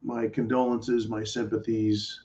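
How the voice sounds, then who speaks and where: A man hosting a live stream, reading viewer messages aloud and ranting bluntly and sarcastically, with profanity, swinging between low mutters and loud outbursts. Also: flat delivery, measured pace, lo-fi sound. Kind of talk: casual political rant to a live chat.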